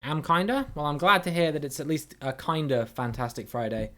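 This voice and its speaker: A man's voice: on the high side, lively intonation, fairly quick, sharp tone. A man giving chatty, playful live-stream commentary while playing a guessing game with his viewers, greeting them by name and swearing casually.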